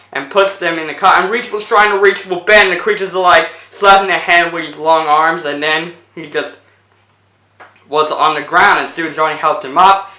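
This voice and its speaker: A man's voice: fairly high pitch, sharp tone, echoey room, low-quality recording. A man casually retelling a movie plot as a reviewer, rambling with lots of fillers. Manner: rambling, full of fillers like 'basically'.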